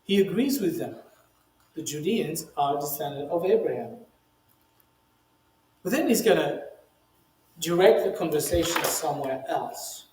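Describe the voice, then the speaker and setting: A male rabbi teaching in a relaxed, conversational way, his voice sitting a little high for a man. He leans hard on key words and jumps up in pitch whenever he voices a quoted speaker. The sound carries a noticeable room echo. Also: measured pace, pauses often, a little hiss or hum. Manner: emphatic, reads quoted speech in a raised voice, many "you know" asides. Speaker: rabbi teaching the weekly Torah portion. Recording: roomy echo.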